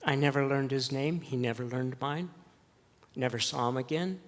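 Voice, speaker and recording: A male pastor preaching a sermon, telling a story slowly and earnestly with dramatic pauses. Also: medium pitch. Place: church sanctuary. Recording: long church reverb.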